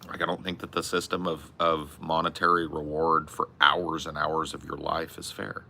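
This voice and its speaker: Gravelly low-voiced man ranting profanely. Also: level tone, moderate pace, pushed and bright, slight background noise. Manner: rambling, profane, exasperated. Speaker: podcast co-host. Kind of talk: casual comedic rant.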